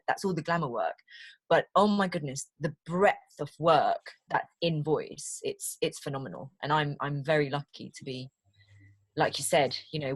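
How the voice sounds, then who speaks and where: A woman's voice: low-pitched, no room sound. A British woman, a voiceover artist, chatting as a podcast guest, telling stories animatedly, laughing easily and repeating words as she starts sentences. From Britain. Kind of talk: casual interview chat.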